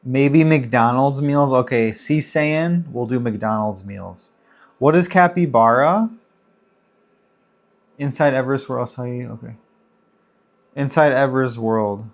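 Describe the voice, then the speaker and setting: A man's voice: medium pitch, unhurried, pauses often. A man in his thirties hosting a casual livestream Q&A, chatting loosely and greeting viewers by name as he reads the chat. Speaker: livestream host.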